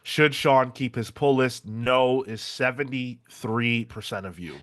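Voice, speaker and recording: A man's voice: mid-range voice, measured pace, a bit bright. Exasperated New man on a comics stream. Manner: exasperated, swears and laughs at himself. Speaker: podcast co-host. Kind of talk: casual live-stream chat.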